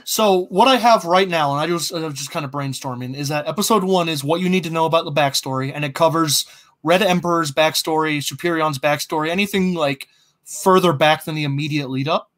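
A man with a somewhat high voice co-hosts a relaxed brainstorming chat while planning a fiction podcast. He hesitates often, filling gaps with ums and restarting sentences as he talks ideas through.

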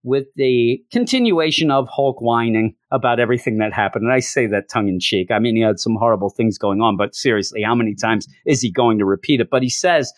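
A man's voice: medium pitch, a little fast, few pauses, no echo, clean studio sound. A man giving a rambling, casual comic book review and often acting out the characters' lines as he goes.

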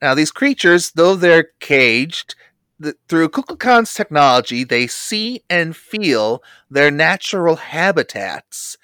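A man co-hosting a podcast, recapping a cartoon episode with lively storytelling and wry asides. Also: fairly high pitch, takes it slowly, smooth, no room sound. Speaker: podcast co-host.

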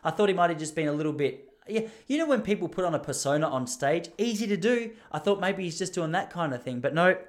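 A young Australian man hosts a podcast alone, telling a long, loose story. His voice sits a little high for a man. He talks in animated bursts and keeps stopping to restart his sentences. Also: fast talker, hardly any pauses. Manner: rambling, animated, self-interrupting with restarts. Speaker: podcast host. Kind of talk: casual storytelling monologue.

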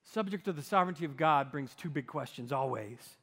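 Pastor guy preaching, animated storytelling, high voice, big echoey hall. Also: brisk. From United States. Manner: animated storytelling, dramatic shifts in loudness. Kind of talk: sermon. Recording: long hall reverb.

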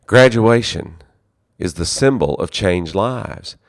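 A very low-voiced man leads a seminary and gives an earnest, conversational talk on ministry. His delivery feels personal and storytelling, and the close, dry recording has little room sound. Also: expressive, slow, dry recording. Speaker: seminary leader.

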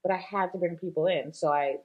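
A woman's voice: on the low side, fairly even intonation, fairly quick, muffled recording. A woman guest in a casual interview, a shop owner talking chattily with many fillers and easy laughs.

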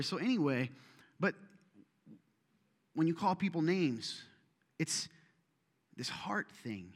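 A man preaching a sermon, animated and joking, with self-deprecating asides, in a church auditorium. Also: high voice, moderate pace, pauses often. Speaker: pastor. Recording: long reverb of a large hall.

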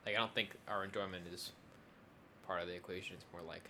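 A man's voice: sits low, steady tone, quick pace, sharp tone, slight background noise. A young adult man in casual conversation, rambling with many fillers and restarts. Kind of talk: casual chat.

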